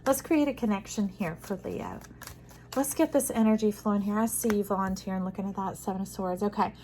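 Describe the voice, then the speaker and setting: A woman giving an intuitive tarot reading to camera. She talks soothingly, calls the listener "friend", and moves between soft hushes and emphatic bursts. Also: mid-range voice, fairly quick, slight background noise, rough recording. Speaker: tarot reader.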